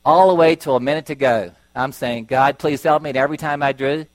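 A man's voice: medium pitch, fairly quick, no room sound, poor audio. A middle-aged man preaching a sermon, telling stories and acting out voices as he goes. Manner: storytelling, acting out voices with lively shifts.

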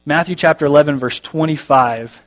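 Man preaching a sermon, fairly high voice. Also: moderate pace. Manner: conversational, self-deprecating humor, reads scripture aloud. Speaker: pastor.

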